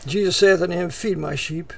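A man preaching a sermon, reading scripture aloud and paraphrasing it in casual speech, swinging from emphatic peaks to hushed asides. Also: sits high, fairly even intonation, brisk, vocal fry. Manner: rises to emphatic peaks, drops to near-whisper asides; reads scripture in old English, then paraphrases conversationally. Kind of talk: expository sermon.

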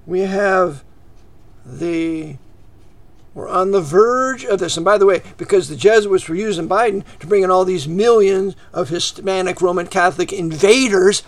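Preaching at a normal speed, a man rants fierily to his listeners in a monologue. He regularly bursts into shouts and falls back to low, quiet asides.

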